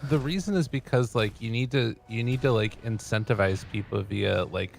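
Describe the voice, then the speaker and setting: Male co-caster, low and gravelly, relaxed, faint background noise. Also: moderate pace. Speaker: esports commentator. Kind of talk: casual panel chat.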